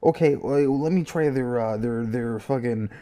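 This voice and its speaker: A man streamer ranting casually and heatedly with lots of swearing, jumping into high silly voices to mimic people. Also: normal speed, mellow. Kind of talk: casual rant on a live stream.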